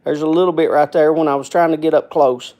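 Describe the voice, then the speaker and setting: A man with a notably high voice talks to his viewers in loose, casual live-stream chat. He rambles, circles back and repeats phrases in a folksy way, sometimes getting himself worked up before settling down. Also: fast talker. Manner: gets worked up then calms.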